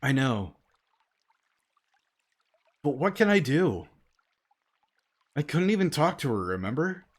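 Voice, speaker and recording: A man's voice: on the high side, big pitch swings, takes it slowly, pauses often, faint music behind, exaggerated voice. A man voicing a casual young male thief in his own plain voice while reading game text aloud. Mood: worried. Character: easygoing young male thief, cocky but worried.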